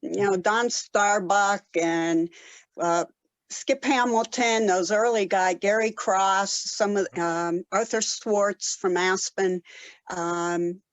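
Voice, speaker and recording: Woman in her 70s from colorado, slow rambling storyteller, lots of ums, dry close mic. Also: medium pitch, steady tone, no echo, low-quality recording. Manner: unhurried storytelling with many pauses and fillers. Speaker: guest, ultrarunner. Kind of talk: casual interview.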